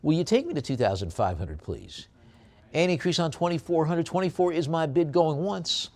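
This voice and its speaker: A man working as an auctioneer, calling bids in a brisk rhythmic chant and adding chatty asides about the lots. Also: very animated. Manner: drops low and soft on a coaxing "please". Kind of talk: live auction bid calling.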